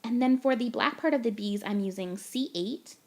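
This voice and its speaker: A woman's voice: fairly high pitch, moderate pace. A young woman from Canada, gushing and chatty as she talks through a card-making tutorial voice-over step by step.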